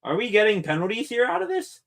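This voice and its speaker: A man hosting a sports channel, giving excited live play-by-play reaction commentary that rambles with fillers and self-corrections. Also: high-pitched, fast talker, gravelly.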